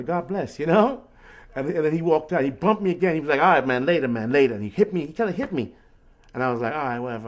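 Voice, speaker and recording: In a mid-range voice, a man running a casual call tells an animated, rambling story about playing music on the streets. "You know what I mean," he asks again and again.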